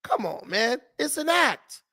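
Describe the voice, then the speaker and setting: A man's voice: very high voice, big pitch swings, measured pace, bright, forceful tone. A man hosting a political commentary vlog, talking in mocking, scornful asides. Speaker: commentary host.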